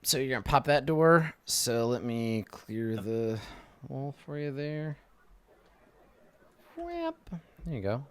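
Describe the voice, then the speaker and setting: A man's voice: mid-range voice, measured pace, a bit bright, clean tone. A man narrating as game master, describing scenes loosely with lots of fillers.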